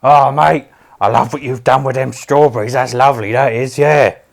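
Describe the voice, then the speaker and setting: A man voicing a brash, laddish woman who talks loudly in a crude, blokey way. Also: mid-range voice, fairly even intonation, moderate pace, natural voice. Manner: loud, brash, gravelly and blokey. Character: gruff, laddish hungover woman, loud and crude.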